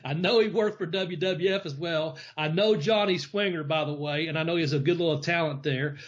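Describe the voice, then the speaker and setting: A man's voice: a little high, fairly quick. A man hosting a wrestling podcast, telling rambling stories with a laugh in his voice. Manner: rambling storyteller, laughs often. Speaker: podcast host, former wrestler. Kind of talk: casual podcast chat. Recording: dull lo-fi podcast audio.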